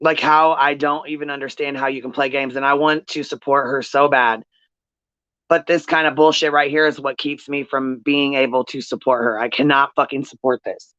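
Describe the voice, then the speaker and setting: A man's voice: mid-range voice, flat delivery, moderate pace, bright, forceful tone, smooth, no echo. A man hosting a commentary channel, venting in an angry rant with heavy swearing and repeated phrases. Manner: angry, profane, repetitive. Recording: dull lo-fi audio.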